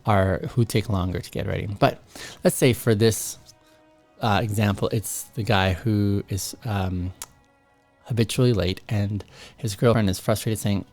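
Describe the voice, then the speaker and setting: A man's voice: lowish voice, unhurried, a little mellow, dry recording, soft background music. A man hosting a motivational talk to men, earnest, acting out short dialogues as examples. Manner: earnest, acts out little dialogues. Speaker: host.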